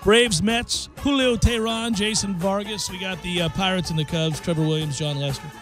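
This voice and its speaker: A man hosting sports talk radio, chatting casually and excitedly, rattling off baseball stats and joking around. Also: high voice, moderate pace, soft background music.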